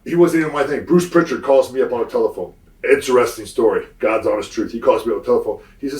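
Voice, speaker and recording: A man's voice: medium pitch, quick pace. A middle-aged man, a former wrestler, telling a story in a casual interview. He fills it with fillers and acts out the voices of the people he quotes. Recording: roomy, distant mic.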